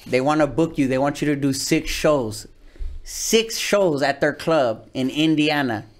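A man's voice: on the high side, a little slow. A man from California with a Chicano accent, a comedian guest telling stories in casual, slangy, profane podcast talk. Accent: Chicano English. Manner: streetwise slangy storytelling, swears a lot, acts out voices. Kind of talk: casual podcast interview storytelling.

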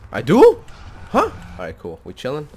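Excitable man with a lively, swinging voice. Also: fairly high pitch, moderate pace, slight background noise. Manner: excitable, jumps into loud outbursts, slangy. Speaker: gaming channel host. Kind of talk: let's-play gameplay commentary.

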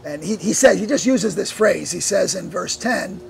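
A man preaching a sermon with animated delivery, firing rhetorical questions at the congregation and laughing often between points. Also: high voice, normal speed, gravelly, slight background noise. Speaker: pastor.

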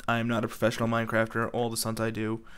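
A man's voice: on the low side, monotone, very fast, fairly bright tone, clean tone. A man doing goofy let's play commentary, rambling and talking back to himself. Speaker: gaming commentator.

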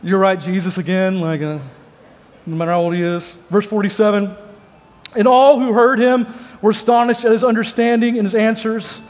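Male preacher, high-pitched, chatty and joking, big reverberant sanctuary. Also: fairly even intonation, normal speed, darkish tone. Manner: joking, conversational storytelling. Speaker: pastor. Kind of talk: sermon. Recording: long hall reverb.

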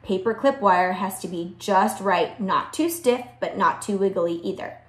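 A woman's voice: medium pitch, measured pace, close to an everyday voice. A woman voicing a strict schoolteacher who is stern and fussy about paperclips, in an echoey room. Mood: admiring. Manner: stern, then dreamy and admiring.

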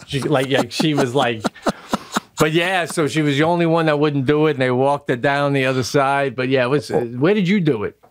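A middle-aged man with a mid-range voice tells a story a little fast while co-hosting a podcast. During the easygoing chat he animatedly performs the voices of the people he's quoting.

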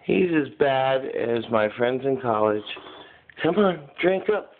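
A man's voice: mid-range voice, lively intonation, slow, narrow, tinny audio, slight background noise. A man at home filming his dog, chatting casually and coaxingly to the camera and swearing now and then. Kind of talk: casual home video commentary. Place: at home indoors.

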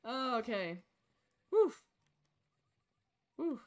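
A woman streaming a horror game, yelling and swearing at the characters and then dropping into quiet asides. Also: on the high side, sing-song. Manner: rapid swings to quiet asides.

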